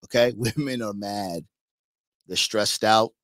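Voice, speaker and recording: A man's voice: fairly low pitch, slow, fairly bright tone, no room sound. A man hosting a stream, giving blunt, preachy, profane commentary in a casual tone. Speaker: host reacting to clips.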